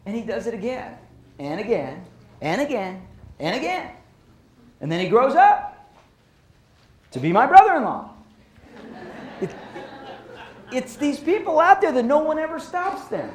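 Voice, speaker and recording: A man giving a storytelling lecture to an audience on violence prevention, animated and repeating phrases for emphasis. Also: very high voice, moderate pace, pauses often. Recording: roomy echo.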